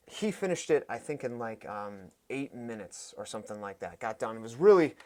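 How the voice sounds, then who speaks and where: A young adult man, a fitness coach, telling stories in casual podcast talk, getting animated and loud as he gets excited. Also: mid-range voice, brisk. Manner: animated, voice rises sharply when excited. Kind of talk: casual storytelling.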